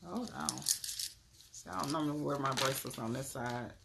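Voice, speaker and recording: A young woman, giving an animated live tarot reading and greeting her viewers. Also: a bass voice, normal speed, gravelly, very noisy. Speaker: spiritual tarot card reader.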